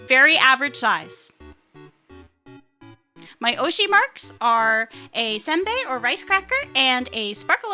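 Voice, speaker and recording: A young woman, a native English speaker and VTuber, streams a playful, casual self-introduction at a desktop mic. Her voice is high, pushed, and bright, and she giggles while chatting with viewers.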